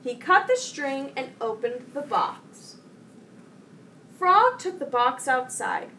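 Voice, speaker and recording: A young woman talks to children in a slow, clear way while she reads a story and explains a craft. Her voice is high and bright. The mic is set far away and picks up a faint hiss. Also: animated. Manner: slow, clear, kid-directed. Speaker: children's program presenter. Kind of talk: storybook reading and craft instructions. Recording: distant mic with faint noise.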